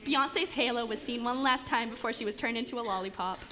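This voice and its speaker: A woman with a somewhat high voice reads a comic fairy tale aloud. She keeps a steady pace, tripping over a word now and then and starting again. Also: brisk. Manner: steady reading with small stumbles and restarts. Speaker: story narrator. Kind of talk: reading a comic story aloud.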